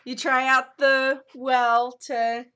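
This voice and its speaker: A woman's voice: high voice, flat delivery, takes it slowly, bright, forceful tone, clear, resonant tone. A woman running a tabletop game as dungeon master, chatting casually and laughing with her players.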